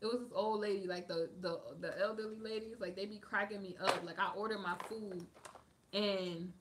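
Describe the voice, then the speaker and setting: A woman's voice: mid-range voice, fairly even intonation, normal speed, very noisy. A woman hosting a livestream, chatting casually and answering viewers' comments, with lots of "like" fillers as she drifts between topics. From United States. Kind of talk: casual chat.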